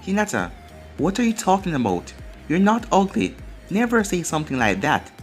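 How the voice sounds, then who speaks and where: A man's voice: high-pitched, wildly swooping pitch, normal speed. A man voicing a brash, loyal young male ninja leader who talks in an earnest, commanding way, over faint music.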